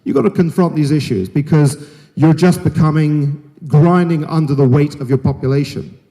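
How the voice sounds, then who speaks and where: A man's voice: a little high, moderate pace, warm tone. A middle-aged man giving a frank, emphatic keynote speech to a conference audience, joking and speaking bluntly to them. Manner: frank, jokey and emphatic, talks straight to the audience. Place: large conference hall. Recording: hall reverb.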